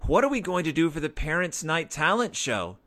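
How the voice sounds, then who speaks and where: A man voicing an eager young boy bear cub in a storybook read-aloud, talking in a lively, excited way. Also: fairly high pitch, normal speed, pitched above the performer's own voice. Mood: pleading.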